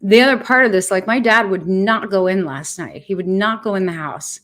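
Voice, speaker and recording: A woman's voice: medium pitch, normal speed, fairly bright tone. A woman in her fifties talking candidly to her viewers on a livestream, earnest, blunt and heartfelt. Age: 50s. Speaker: vlogger sharing her cancer treatment.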